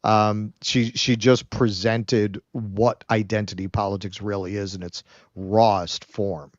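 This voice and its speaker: A man co-hosting a political stream, talking in a sardonic, casual way with quick asides. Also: fairly low pitch, little pitch movement, no room sound. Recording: dull lo-fi sound.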